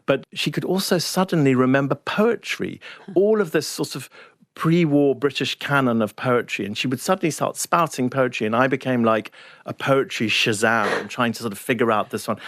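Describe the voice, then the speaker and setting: An older man from Zimbabwe talks through his memories as an interview guest, wry and measured, often restarting his sentences. His voice sits at an ordinary middle pitch. The studio sound is close and dry. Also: a bit bright, no echo. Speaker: guest writer. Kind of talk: reflective conversational storytelling.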